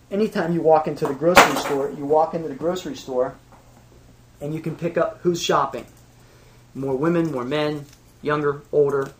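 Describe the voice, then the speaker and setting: Self-assured Pittsburgh man teaching casually. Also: fairly high pitch. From Pittsburgh, United States. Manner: conversational, repetitive, self-assured. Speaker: awareness skills instructor. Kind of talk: casual spoken lesson.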